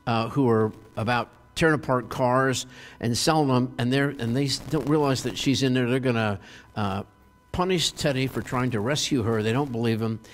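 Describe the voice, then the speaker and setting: A man gives a sermon and retells a story in a lively, animated way, often stopping on fillers and restarting his sentences. His voice sits at a middle pitch and rings with the long reverb of a hall. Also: normal speed. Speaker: pastor.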